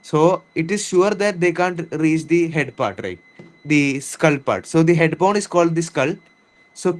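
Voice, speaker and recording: Man, indian english accent, fairly high voice, patient teacher, repeats and restarts, online class. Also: low-quality recording. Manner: explains words slowly and repeats, with restarts. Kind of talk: online reading lesson.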